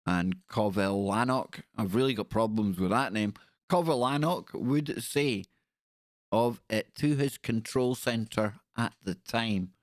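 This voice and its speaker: A man's voice: mid-range voice, animated, measured pace, no room sound. A man hosting a livestream, narrating casually in a chatty way and stumbling over foreign names with self-mocking asides. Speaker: livestream host. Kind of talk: casual live-stream narration.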